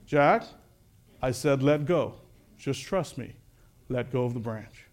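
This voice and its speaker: A man voicing God as a calm, patient voice that gives steady, gentle commands. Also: high voice, normal speed.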